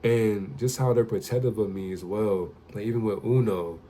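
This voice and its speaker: A man's voice: on the low side, steady tone, normal speed, dark tone, a little hiss or hum. A young man telling a casual, profane story straight to the camera as a vlogger. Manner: loose, profane, conversational storytelling.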